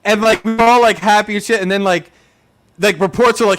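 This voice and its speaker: A young man hosting a sports podcast, ranting in excited fan chat full of rhetorical questions and "like". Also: high-pitched, quick pace. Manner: animated, ranting, rhetorical questions, says "like" a lot. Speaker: podcast host.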